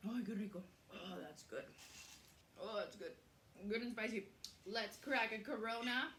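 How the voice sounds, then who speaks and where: A woman's voice: fairly high pitch, measured pace, background noise. Chatty woman cooking in an echoey kitchen. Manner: chatty, swears freely, laughs easily. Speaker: cooking show host. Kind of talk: casual cooking vlog chat. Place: home kitchen. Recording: roomy kitchen echo.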